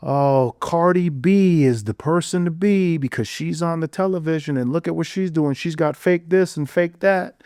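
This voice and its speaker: A man on a podcast delivering an intense monologue. He asks rhetorical question after rhetorical question and swings from low muttering to loud exclamations. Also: expressive, normal speed, hardly any pauses, no room sound, studio quality. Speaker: podcast guest.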